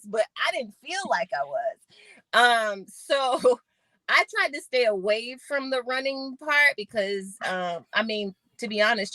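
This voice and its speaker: Animated Arizona-raised woman, 40s, guest storyteller; bright, dry sound. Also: fairly high pitch, no room sound. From Phoenix, Arizona, USA. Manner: animated storyteller, acts out quotes. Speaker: guest, former Olympic sprinter. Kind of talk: casual podcast interview.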